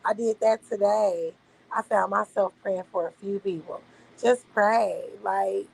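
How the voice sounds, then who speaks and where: A woman's voice: mid-range voice, steady tone, a little slow, gravelly, a little mellow, slightly rough, low-quality recording. A woman hosting a casual livestream, chatting loosely with her viewers and swearing freely. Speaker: livestream host. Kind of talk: casual late-night livestream chat.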